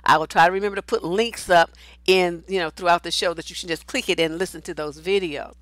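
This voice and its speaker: A woman's voice: on the low side, fairly even intonation, fast, no echo. A woman relationship coach giving casual advice talk and answering viewer comments, blunt and outspoken, swearing freely.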